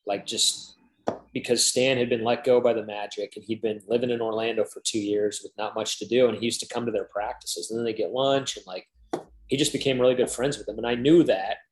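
A man's voice: lowish voice, steady tone, fairly quick, roomy sound, low-quality recording. A man in his thirties, a guest in an interview, telling a long story casually with lots of "like" and acted-out quotes. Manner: chatty, peppered with "like", acts out quoted dialogue.

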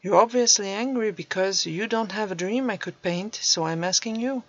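Woman reading a calm, humble old man. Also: medium pitch, normal speed, lightly acted. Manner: peaceful, humble and soft-spoken. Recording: dull dry recording.

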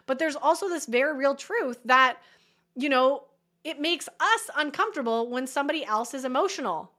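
A woman's voice: high voice, lively intonation, normal speed, a bit bright. A woman hosting a solo coaching podcast, speaking earnestly and encouragingly and often checking in with the listener. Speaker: podcast host.

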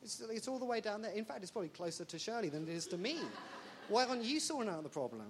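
A woman's voice: medium pitch, fast talker. A woman delivers a sermon, her voice leaping up and down as she jokes. She keeps tossing rhetorical questions at her listeners. A faint hiss sits under her voice. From England. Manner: animated, jokey, full of rhetorical questions. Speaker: preacher.

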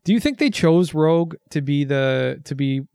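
A man's voice: a little high, animated, normal speed, gravelly, warm tone, clean tone, no room sound, studio quality. A man in casual chat about a movie, easygoing and swearing freely, calling his friend dude and man. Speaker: movie watch-along co-host.

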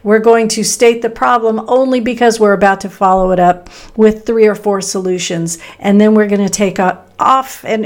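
A middle-aged woman from Texas with a Midwestern American accent, hosting a solo podcast in an upbeat, conversational way with emphatic pauses. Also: mid-range voice. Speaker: podcast host.

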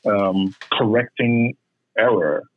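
A man leading a Bible study, explaining and correcting in a measured, patient way. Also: fairly low pitch, no room sound. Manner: measured, explanatory, repeats words when correcting. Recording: muffled phone-line sound.

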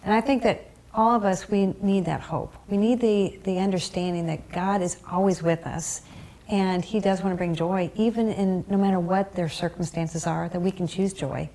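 A woman hosting a faith podcast, speaking in an encouraging, affirming way and halting now and then. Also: medium pitch, steady tone, mellow. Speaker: podcast host. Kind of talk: casual faith conversation.

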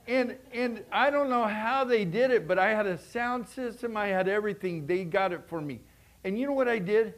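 A man preaching a sermon as pastor, animated and full of restarts, swinging between loud bursts and hushed asides. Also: high-pitched, moderate pace.

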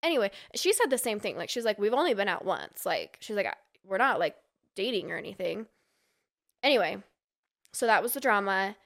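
A woman's voice: medium pitch, sing-song, fairly quick, vocal fry, fairly bright tone. A woman from Utah, a podcast guest, telling a long gossipy story in casual chat and acting out the people she quotes.

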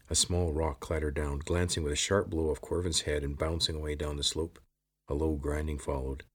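A man narrating an adventure story in a steady, measured reading. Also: rumbling low, slightly rough. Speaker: audiobook narrator. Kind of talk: scripted narration.

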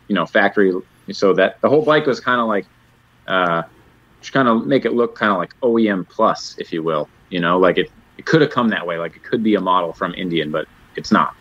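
A man, a custom motorcycle builder, talking as an interview guest in a halting, rambling, modest way over dull lo-fi remote audio. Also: on the low side, fairly bright tone, dry recording. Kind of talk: casual interview chat.

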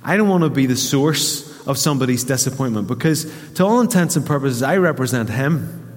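A Northern Irish pastor preaching a sermon, medium-pitched, acting out the voices of the people in his story. His voice rings with the long reverb of a church hall. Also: fairly quick. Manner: storytelling, animated quoting of voices.

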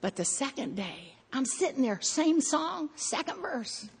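A woman's voice: sits high, very animated, unhurried, creaky, darkish tone, big-room sound. A woman preaching a sermon, telling stories animatedly and acting out her own thoughts.

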